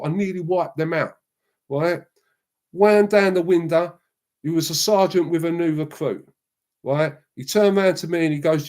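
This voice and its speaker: A middle-aged man, a show guest rambling through slangy, lively anecdotes in casual chat. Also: a little high.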